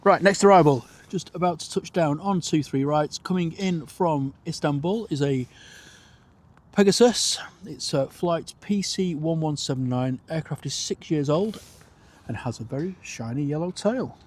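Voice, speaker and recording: A man's voice: a little high, moderate pace, darkish tone. A man hosting a live plane-spotting stream outdoors at an airport, calling arrivals and departures and chatting with viewers' comments.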